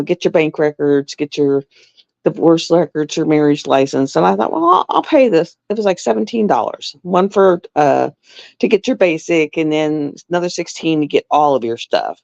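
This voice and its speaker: Sewing on her livestream, this middle-aged host chats loosely and wanders from story to story. She has a deep, gravelly, warm voice, animated and at a moderate pace, captured in a dull, dry lo-fi recording.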